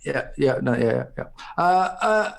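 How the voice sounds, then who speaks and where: A man's voice: medium pitch, expressive, measured pace, gravelly. A man co-hosting a podcast, chatting casually and rambling with many restarts. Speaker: podcast co-host. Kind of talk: casual chat.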